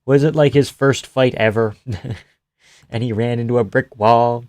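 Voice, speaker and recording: A man's voice: mid-range voice, steady tone, a little slow, darkish tone, dry recording. Male streamer, casual rambling chat, reads comments aloud, dry close mic. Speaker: livestream host.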